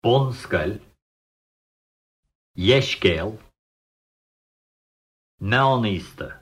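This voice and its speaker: Husky guy reading practice words super slow. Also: fairly low pitch, animated. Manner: slow, deliberate word-by-word reading. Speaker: pronunciation model speaker.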